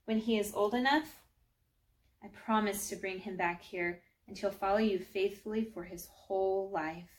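A woman's voice: mid-range voice, steady tone, normal speed, natural voice. A devout woman speaks earnestly and pleadingly in a children's storybook reading, as a woman reader takes her part. Her voice is heartfelt and sincere. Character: sorrowful devout praying woman.

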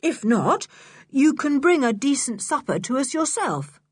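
A woman reading an audiobook, voicing a calm, dryly sarcastic eldest boy who takes charge. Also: high voice, measured pace, dry recording, voice pushed up. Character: cool-headed eldest boy, calm and mocking.

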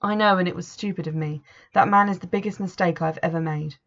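Anxious, apologetic mother, read by a woman, low and gravelly. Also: fairly even intonation, fast talker, fairly bright tone. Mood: regretful. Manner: hesitant, apologetic. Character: anxious, regretful middle-aged mother. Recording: dull lo-fi recording.

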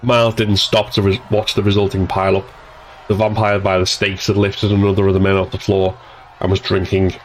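Deep, flat-voiced male audiobook narrator. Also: slight background noise, poor audio. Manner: steady, measured storytelling.

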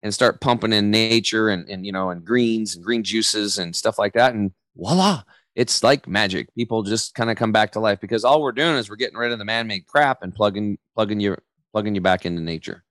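A man in his forties, a podcast guest talking in a loose, energetic, casual way and acting out quoted voices as he tells stories. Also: fairly low pitch, fairly quick, no room sound. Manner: energetic, loose storyteller who acts out quotes. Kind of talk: casual interview chat.

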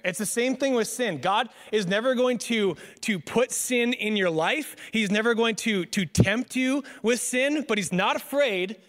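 A man's voice: high voice, unhurried, few pauses. A young man preaching a casual sermon as a pastor, joking and telling stories with lots of fillers. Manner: joking, animated storytelling with many fillers. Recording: long hall reverb.

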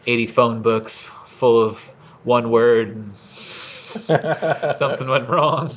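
A man's voice: medium pitch, slow. A man co-hosting a casual podcast, talking in a loose, rambling way full of slang and cursing. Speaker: podcast co-host. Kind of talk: casual chat. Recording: dull lo-fi recording.

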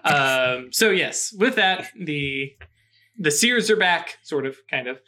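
A man's voice: a little high, expressive, takes it slowly, bright, forceful tone. A man running a tabletop game and wrapping up the show as host, rambling with lots of fillers and small chuckles. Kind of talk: tabletop game wrap-up chat.

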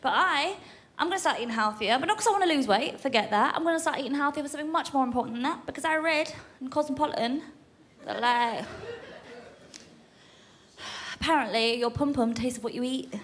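Brash high-voiced comedian woman. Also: quick pace, a bit bright. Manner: brash, punchy, swears freely. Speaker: stand-up comedian. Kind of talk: stand-up routine. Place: comedy club stage with audience. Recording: live stage recording with audience noise.

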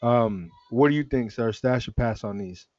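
A man's voice: mid-range voice, moderate pace, no room sound, dull audio. Laid-back man hosting a sneaker chat. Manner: relaxed, rambling with restarts. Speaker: sneaker podcast host. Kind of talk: casual chat.

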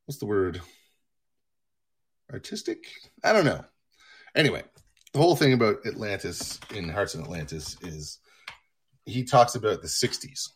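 Male streamer, low husky voice, rambling profane monologue from home. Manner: rambling, profane, self-mocking. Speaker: livestream host.

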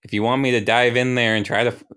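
A man's voice: mid-range voice, little pitch movement, fast, fairly bright tone, clear, resonant tone, voice pushed up, close to an everyday voice. A man voicing a quizzical young man who questions everything he is told. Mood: pleading. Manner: questioning, incredulous.

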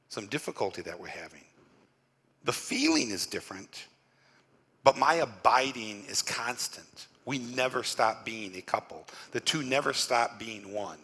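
Bright-toned man preaching a sermon. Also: fairly low pitch, breathy edge, big-room sound. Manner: conversational, often repeats words and says "you know". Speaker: pastor. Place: church during a worship service.

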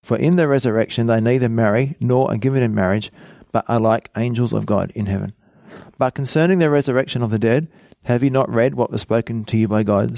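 A man's voice: mid-range voice, brisk, gravelly, darkish tone, no echo, studio quality. A man preaching a Bible teaching, reading scripture aloud and explaining it plainly with small fillers.

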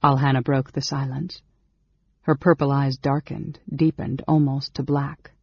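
A man narrating a fantasy audiobook with a steady, measured reading. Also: mid-range voice, creaky, slightly rough, dry recording. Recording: dull, dry lo-fi recording.

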